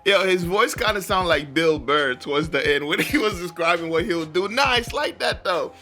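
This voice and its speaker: Man, reaction host, casual slangy chat, high bright voice, faint music behind. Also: expressive, normal speed. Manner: laid-back slangy talk, laughing often.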